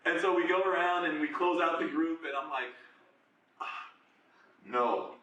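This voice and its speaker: A man in his twenties giving a casual, animated personal testimony as guest speaker at a church group. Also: a little high, brisk. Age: 20s. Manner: casual, conversational, animated retelling with slang. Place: large echoey room at a church singles group. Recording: echoey room, voice from far off.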